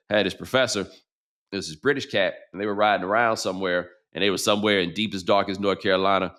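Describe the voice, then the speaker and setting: A man's voice: fairly low pitch, a bit bright. A middle-aged man hosting a sports talk show, talking in a casual, slangy, conversational way.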